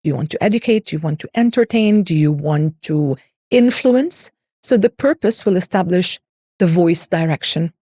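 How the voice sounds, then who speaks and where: A woman's voice: fairly low pitch, expressive, moderate pace, a little mellow, no echo, clean studio sound. A woman voice coach explaining ideas in an interview, in an instructive way that uses lists and rhetorical questions. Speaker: voice and public speaking coach.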